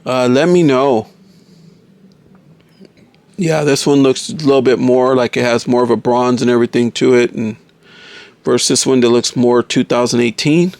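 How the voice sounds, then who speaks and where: A man's voice: mid-range voice, fairly even intonation, normal speed, pauses often, darkish tone, no echo. A man casually reviewing a toy figure, enthusiastic and often calling viewers folks.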